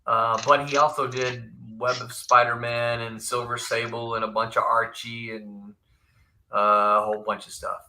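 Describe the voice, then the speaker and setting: A man hosting a casual live-stream chat, an animated storyteller who laughs often and restarts his sentences. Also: mid-range voice, normal speed. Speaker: host, former comics editor.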